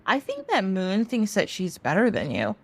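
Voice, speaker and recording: Smug scheming trickster spirit guy, a woman doing him, jumpy pitch. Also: huge pitch swings, moderate pace, breathy edge, no room sound, exaggerated voice. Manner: smug, conniving.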